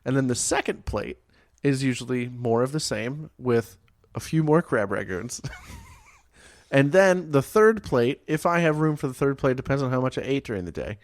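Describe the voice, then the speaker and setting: A man's voice: mid-range voice, lively intonation, normal speed, no room sound. Man, podcast co-host, crude casual banter, swears a lot, dry close sound. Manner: profane, laughing storyteller. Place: basement.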